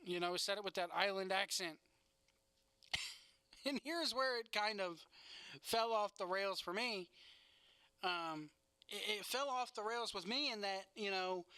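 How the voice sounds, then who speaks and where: A man's voice: sits high, sharp tone, dry recording. A young man hosting a casual wrestling podcast, rambling through a recap with sarcastic asides and frequent laughs.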